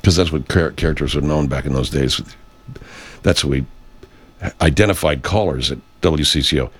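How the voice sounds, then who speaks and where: A man's voice: a bass voice, normal speed, pauses often, breathy edge. A man hosting a radio show, talking in a meandering, self-interrupting way and swearing freely. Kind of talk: rambling casual monologue.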